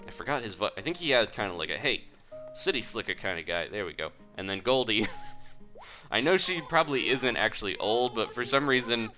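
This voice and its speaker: A man giving casual, playful commentary over a life-sim game, with soft game music behind. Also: medium pitch, animated, fairly quick. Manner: playful, reads game dialogue aloud. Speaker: gaming video host.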